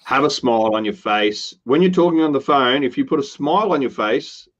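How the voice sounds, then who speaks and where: A man's voice: mid-range voice, lively intonation, brisk, lo-fi sound. A man co-hosting a casual business chat, talking earnestly and slipping into upbeat quoted lines. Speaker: podcast co-host.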